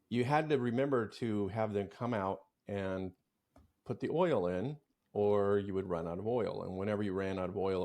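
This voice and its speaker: A man's voice: deep voice, gravelly, darkish tone. A man speaking as a relationship coach on a podcast, telling a personal story in a reflective way. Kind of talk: casual podcast chat.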